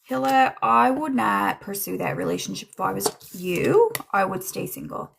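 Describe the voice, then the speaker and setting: A woman doing a casual livestream tarot reading, chatting to viewers and dropping into soft muttered asides. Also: mid-range voice, very animated, normal speed, creaky, background noise. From Newfoundland, Canada. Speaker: tarot reader and medium.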